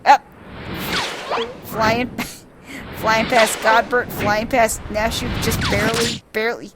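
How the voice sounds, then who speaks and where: A woman casually narrating a video game for blind viewers, laughing often, swearing, and excitedly describing what happens on screen. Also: on the high side, unhurried, a little hiss or hum.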